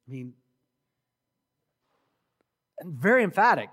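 A man preaching a sermon as pastor, emphatic and building to loud exhortation. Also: on the high side, very animated, measured pace, long pauses. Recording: long hall reverb.

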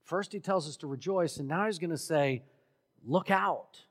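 A man preaching a sermon as pastor, emphatic and building to loud exhortation. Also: a little high, a little fast. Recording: long hall reverb.

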